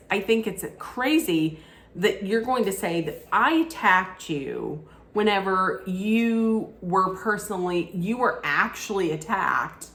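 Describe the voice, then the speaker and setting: A woman's voice: medium pitch, a bit bright, echoey room. A woman giving an opinionated, casual recap rant about a reality show, often restarting her sentences. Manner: opinionated, frequent restarts and asides.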